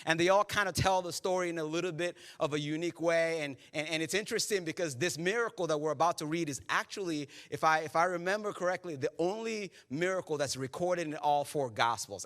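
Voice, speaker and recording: A male pastor delivering a sermon with a high voice. His tone is bright and forceful, and he tells his stories with lively humor, slipping into the voices of the people in them. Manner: animated, joking storyteller who acts out quotes. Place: church service.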